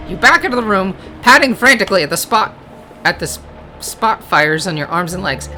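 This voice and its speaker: A let's play gamer with a medium-pitched voice reads a card game's text aloud at a fast pace, breaking off into hesitant, casual asides and correcting himself. Game music plays in the background.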